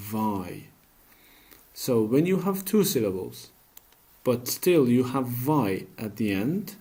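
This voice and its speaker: A man's voice: medium pitch, darkish tone. A man teaching a grammar lesson, speaking patiently and asking questions that he then answers himself. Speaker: English teacher.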